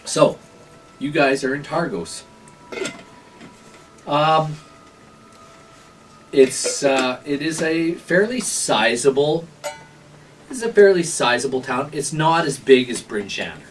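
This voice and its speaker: A man narrating as game master in a tabletop game, in a relaxed, chatty way. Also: fairly high pitch, slow pace, pauses often, far from the mic.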